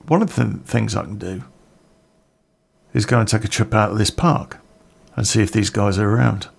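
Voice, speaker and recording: Middle-aged male storyteller, lowish fry-edged voice, loose rambling delivery full of curses. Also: moderate pace. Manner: swears freely, rambling anecdotal asides. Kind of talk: casual spoken storytelling.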